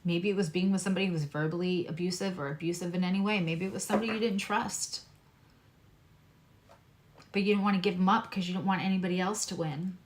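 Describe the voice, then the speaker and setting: A woman's voice: on the low side, fairly even intonation, quick pace, slight background noise. A woman astrologer giving a casual, earnest tarot reading, speaking straight to her viewers in a reassuring way.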